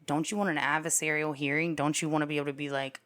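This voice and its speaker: A low-pitched woman talking through a criminal case in a casual, chatty way. She jokes at her own expense and often jumps up into loud, excited exclaims before dropping back to an offhand tone. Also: fast, smooth. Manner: chatty and irreverent, laughs at herself, swings into loud exclaims. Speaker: true crime commentator. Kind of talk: casual legal commentary to camera.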